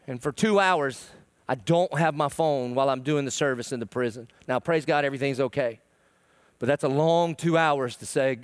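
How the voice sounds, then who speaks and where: A middle-aged male pastor preaching a sermon, swinging between loud pleading and hushed, emotional tones. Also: mid-range voice, moderate pace, clear, resonant tone, no echo. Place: church.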